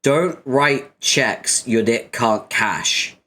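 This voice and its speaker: A man's voice: mid-range voice, drawn-out words, pushed and bright. A British man chatting casually and teasing his audience with profane banter between readings. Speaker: webcomic reader and streamer. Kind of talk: casual chat.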